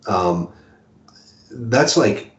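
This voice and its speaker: A man's voice: fairly low pitch, lively intonation, very slow. A man talking casually as an author guest in a rambling, self-deprecating way, laughing easily. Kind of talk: casual conversation. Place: home in a city apartment. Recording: roomy, dull video call audio.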